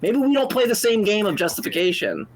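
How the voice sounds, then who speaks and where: A man co-hosting a call-in debate show, animated and exasperated, speaking in fast bursts with restarts and swearing freely. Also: high-pitched, a little hiss or hum. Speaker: co-host answering a caller.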